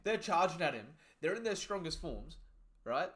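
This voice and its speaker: A man giving excited, profanity-laden live commentary while reading through a comic chapter and chatting to viewers. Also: on the high side, moderate pace. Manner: excitable, swears freely; reads the panels aloud as he goes. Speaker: live reaction streamer. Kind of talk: casual live reaction commentary.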